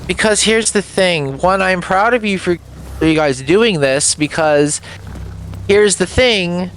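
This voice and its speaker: A man's voice: sits high, slow, a bit bright, a little hiss or hum. A man who is the dungeon master, chatting casually with friends; he rambles, swears freely and restarts his sentences. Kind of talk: casual chat among friends.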